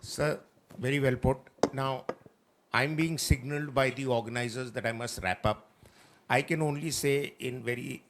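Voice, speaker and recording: A man moderates a panel discussion on a festival stage. He speaks bluntly and addresses his guests politely as sir. His voice sits at an ordinary pitch, with faint room noise behind it. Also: steady tone, moderate pace.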